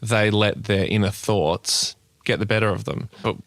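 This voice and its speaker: Gravelly-voiced Australian man, hesitant. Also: lowish voice, fairly even intonation, moderate pace, fairly bright tone, no room sound. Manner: thoughtful, hesitant, with restarts. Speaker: podcast co-host. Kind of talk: casual podcast chat.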